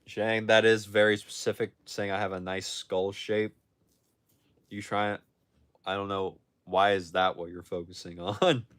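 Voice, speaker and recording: A man's voice: on the low side, flat delivery, unhurried, a bit bright, clear, resonant tone. A young man chatting casually on a livestream from his phone, answering viewer questions with frequent restarts and self-corrections. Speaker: livestream host answering chat.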